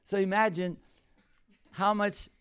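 A man with a somewhat high voice tells a story from the pulpit in lively. He laughs often, jumps up in pitch when he gets worked up, and settles lower as he draws the lesson. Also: takes it slowly, smooth. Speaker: preacher telling a personal story. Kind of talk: anecdotal sermon.

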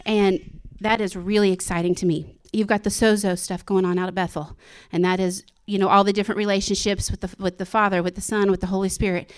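A woman's voice: mid-range voice, flat delivery, fairly quick, few pauses, clean tone. A woman speaking to her church in an informal sermon, earnest and personal, often breaking into laughs and restarting her sentences. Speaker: church speaker sharing a devotional.

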